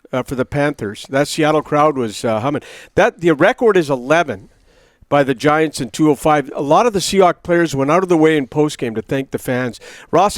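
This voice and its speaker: A sports radio co-host who asks rambling, good-humored questions in a studio. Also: male voice, on the high side, dry recording. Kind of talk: casual radio interview banter.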